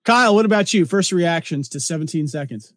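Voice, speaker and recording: A man's voice: on the high side, animated, a little fast, no room sound, studio quality. A man hosting a casual podcast discussion in an upbeat way, handing the turn to each guest. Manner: upbeat, leads the conversation. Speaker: podcast host.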